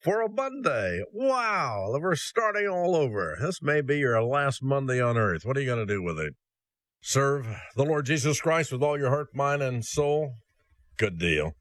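A man's voice: mid-range voice, big pitch swings, normal speed, fairly bright tone, no echo. Earnest folksy preacher man, dry close sound. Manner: earnest, direct address to listener; rhetorical questions, folksy asides. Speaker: radio preacher. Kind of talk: short radio sermon.

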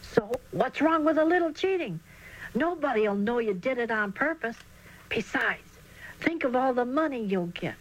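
A woman voicing a gruff, scheming young boy bully in a children's storybook reading. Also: on the high side, expressive, moderate pace, pitched above the performer's own voice, low-quality recording. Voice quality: gruff, whispering.

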